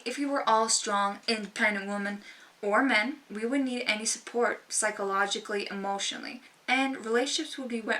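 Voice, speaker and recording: A woman's voice: fairly high pitch, bright, forceful tone. A young woman talking to camera in a sassy, emphatic, informal way. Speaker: vlogger. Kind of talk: casual talk to camera. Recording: voice slightly distant from mic.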